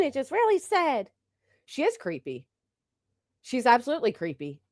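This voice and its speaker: A woman's voice: fairly high pitch, very animated, brisk, no room sound, studio quality. A woman doing live-stream reaction commentary, blunt and mocking, swearing freely as she talks over clips.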